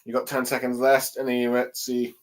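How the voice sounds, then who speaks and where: A young man casually recapping a comic chapter on his own, halting often with ums and let's sees. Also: medium pitch, completely flat delivery, poor audio. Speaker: chapter reviewer. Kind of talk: casual solo commentary.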